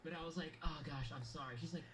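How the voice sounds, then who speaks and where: A man's voice: on the high side, fast, noisy background. A man guest in a casual talk show, telling stories about himself with a self-mocking, laughing manner. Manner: self-deprecating, laughing storyteller. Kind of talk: casual chat.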